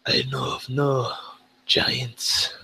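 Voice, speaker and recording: A man voicing a dazed young male dwarf who has lost his memory, speaking quietly and hesitantly. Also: mid-range voice, little pitch movement, very slow, gravelly, heavily acted. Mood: wary.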